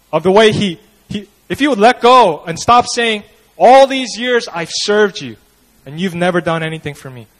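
A man's voice: high-pitched, rough recording. A man preaching a sermon in a conversational way, often acting out the people he quotes. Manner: conversational, animated, acts out quoted voices. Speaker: pastor.

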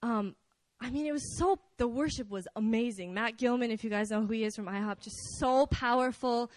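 A woman's voice: fairly high pitch, fairly quick, slight background noise. Chatty young woman preaching. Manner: chatty, animated storytelling with fillers. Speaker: prayer meeting speaker. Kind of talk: conversational sermon.

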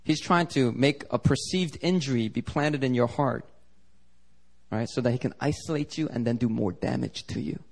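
Speaking at a moderate pace, a male preacher with a mid-range, vocal-fry-tinged voice delivers a sermon. His stories are animated, and he performs the voices of the people in them.

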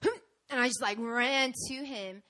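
Young woman, sermon testimony, animated storyteller with big swings from soft to loud. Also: on the high side, normal speed. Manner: dramatic and animated, with sudden swings from hushed to loud. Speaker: preacher giving a testimony.

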